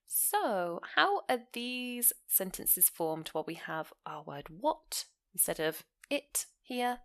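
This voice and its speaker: A woman gives a grammar lesson in a clear, explanatory voice. She walks through example sentences and stops to ask the listener questions. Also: medium pitch, very animated, takes it slowly. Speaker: English teacher.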